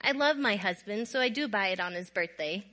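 In a casual to-camera video, a middle-aged storyteller vlogger from Minnesota tells her viewers a funny story, laughing often and full of animation. Her voice is mid-range and she talks fairly quickly.

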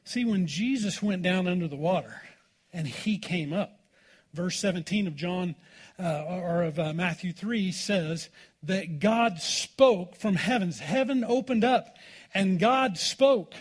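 A man's voice: sits high, slow, slightly rough. A man pastor preaching a sermon in a church, in a folksy, informal way and calling out for "amen" from the congregation.

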